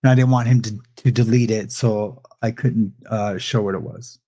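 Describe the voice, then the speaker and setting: A man's voice: fairly low pitch, fairly even intonation, moderate pace, mellow. A young adult man hosting a livestream, rambling defensively and repeating himself in a heated rant. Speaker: livestream host.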